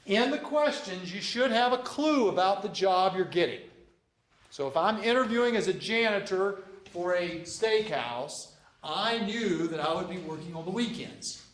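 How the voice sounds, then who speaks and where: In a roomy recording, this JROTC instructor in his fifties speaks at a moderate pace with a high, slightly bright voice and lively intonation. His classroom lecture to cadets is folksy and repetitive, with stories where he acts out the dialogue.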